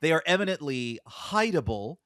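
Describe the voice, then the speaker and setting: A man's voice: fairly high pitch, sing-song, moderate pace, a bit bright. A man co-hosting a casual podcast about a tabletop game, making dry, wry remarks. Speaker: podcast co-host. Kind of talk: casual chat. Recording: noisy line with clicks.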